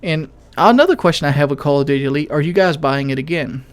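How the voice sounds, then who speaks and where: A young man giving casual gaming commentary, rambling and correcting himself, in what he calls a monotone voice, often asking viewers questions. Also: on the high side, fast talker. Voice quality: self-described monotone voice.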